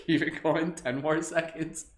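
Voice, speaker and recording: A man's voice: mid-range voice, fairly bright tone, a little hiss or hum. A man hosts a live guided group meditation, casual and upbeat, with many fillers and frequent laughs. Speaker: meditation host. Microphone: livestream camera mic. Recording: echoey room.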